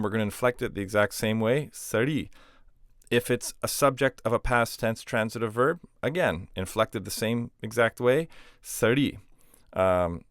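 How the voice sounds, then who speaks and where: A young adult man with a lowish, smooth voice walks through a grammar lesson, easygoing and full of small fillers. He reads example phrases slowly and clearly. The recording is close and dry, with no room sound. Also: no room sound. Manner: relaxed explaining with fillers, reading example phrases. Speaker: language teacher.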